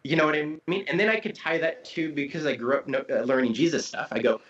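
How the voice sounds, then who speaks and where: Animated man explaining, dull lo-fi audio. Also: a little high, quick pace, a little hiss or hum. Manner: animated, explanatory, acts out tones of voice. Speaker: guest teacher of symbolism. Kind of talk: casual conversation.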